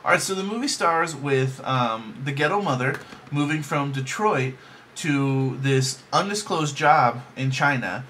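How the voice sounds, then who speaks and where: A man's voice: medium pitch, animated, measured pace, pushed and bright, a little hiss or hum. A man giving a casual, rambling movie review from his bedroom, joking along with plenty of ums and likes. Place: home bedroom.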